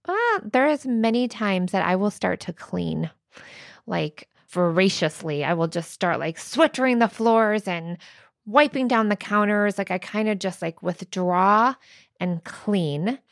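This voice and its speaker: A woman's voice: mid-range voice, gravelly, no room sound, studio quality. A woman therapist co-hosting a podcast, explaining a technique in casual chat, peppered with "like" and "right?". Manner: conversational, frequent "like" and "right?", laughs lightly.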